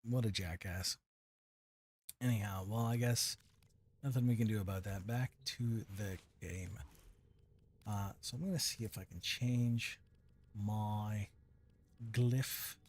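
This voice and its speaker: A man's voice: lowish voice, slow pace, long pauses, darkish tone, breathy edge. A man casually commenting while he streams a game, rambling and poking fun at himself. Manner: rambling, self-deprecating.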